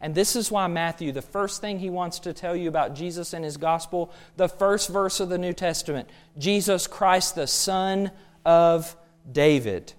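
A man's voice: high-pitched, normal speed. A man preaching a sermon, emphatic and full of rhetorical questions.

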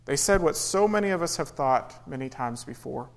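A man's voice: medium pitch, lively intonation, moderate pace, vocal fry, few pauses, poor audio. A man preaching a sermon in an earnest way, rising and falling for emphasis and acting out quoted pleas. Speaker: pastor.

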